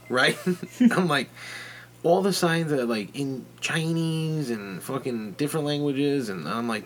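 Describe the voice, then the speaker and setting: A man in his thirties rambles through a story as a podcast host. His talk is loose and profane, and he keeps checking in with his listeners with "right?". His voice sits in an ordinary middle pitch. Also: expressive, a little slow, soft background music. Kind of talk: casual storytelling.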